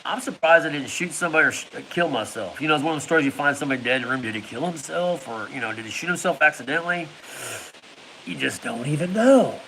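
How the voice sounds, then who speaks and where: A man's voice: fairly high pitch, animated, fast, creaky, bright, forceful tone, a little hiss or hum, poor audio. A man telling a casual personal story, laughing often and making sound effects. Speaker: vlogger.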